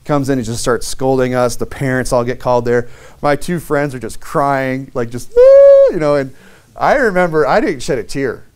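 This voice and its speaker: A man's voice: medium pitch, moderate pace. A man preaching a sermon through a long personal story, loose and conversational, with many fillers, restarts and wry self-mocking humor.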